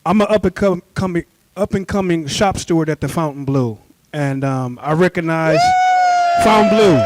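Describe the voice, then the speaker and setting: A man, a shop steward, asking the panel a question into a handheld microphone, halting and earnest with formal phrasing. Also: high voice. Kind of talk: audience question at a live event.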